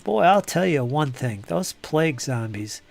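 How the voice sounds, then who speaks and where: A man with a gravelly, somewhat high voice chats casually on a live stream, muttering to himself as he works on models. His voice is getting hoarse. Faint music plays behind him. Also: sing-song, a little slow. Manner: rambling, talks to himself while building models. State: losing his voice. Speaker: hobby streamer.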